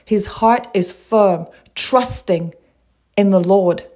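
Slow, earnest woman preaching. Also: mid-range voice, darkish tone. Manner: earnest, repeats lines, asks rhetorical questions; reads scripture aloud. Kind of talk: devotional sermon.

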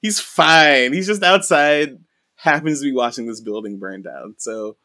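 A young man co-hosting a podcast, chatting about a manga in an excitable, giggly way. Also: mid-range voice, a little slow, no room sound, studio quality. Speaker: podcast co-host. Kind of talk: casual chat.

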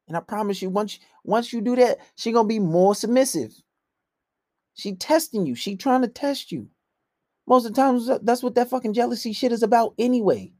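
A man giving blunt, profane dating advice in a casual monologue, swinging between loud outbursts and low mutters. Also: no echo, studio quality.

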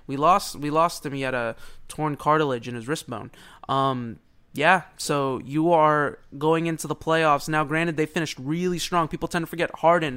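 A man co-hosting a casual sports podcast, excitable and rambling, laughing often. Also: fairly high pitch, smooth. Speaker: podcast co-host.

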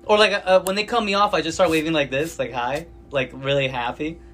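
A man in casual chat, excitable and profane, tossing in quick asides. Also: on the high side. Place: comic shop.

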